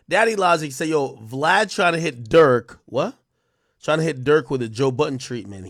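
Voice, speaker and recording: A man hosting a live stream, reading out donations in loose, profane, casual chat with loud excited bursts. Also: mid-range voice, no echo, studio quality.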